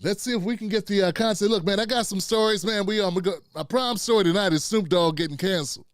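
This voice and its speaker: A man's voice: sits high, quick pace, dry recording, clean studio sound. A middle-aged man, hosting a casual live stream, loose and chatty and calling out to his viewers. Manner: loose and chatty, talks to chat and producer, frequent "man" and "fam". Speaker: live-stream show host.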